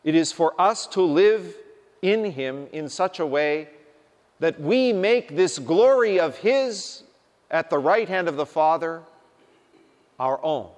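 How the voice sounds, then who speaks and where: A man preaching a sermon, speaking in a deliberate, emphatic way. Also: on the high side, lively intonation. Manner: slow, deliberate, emphatic delivery. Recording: long reverb of a large hall.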